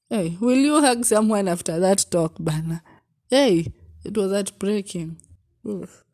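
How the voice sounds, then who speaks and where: A young woman with a Kenyan accent tells a personal heartbreak story, swinging between loud exclamations and hushed asides and slipping in Swahili. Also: medium pitch, measured pace. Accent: Kenyan English. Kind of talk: emotional storytime vlog.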